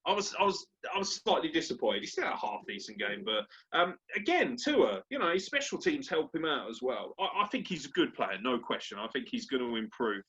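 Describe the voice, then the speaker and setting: A man's voice: medium pitch, very animated, brisk, few pauses, a bit bright, breathy edge, dull audio. Swearing man on a sports podcast. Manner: crude, jokey, swears a lot. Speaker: podcast host. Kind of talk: casual sports chat.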